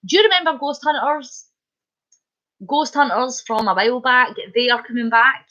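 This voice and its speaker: A bubbly Scottish woman chats with viewers during a live stream, her voice sitting a little higher than usual. The sound is dull and lo-fi, like a home stream. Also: moderate pace, bright, forceful tone. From Scotland. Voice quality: bubbly, chatty, laughs often. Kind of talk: casual live-stream chat.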